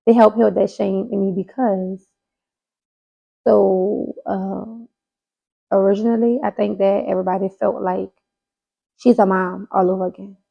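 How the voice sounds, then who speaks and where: A woman's voice: mid-range voice, steady tone, gravelly, husky, lo-fi sound. A woman in her thirties co-hosting a casual podcast chat, speaking candidly and emphatically. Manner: candid and emphatic, quick bursts. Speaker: podcast co-host.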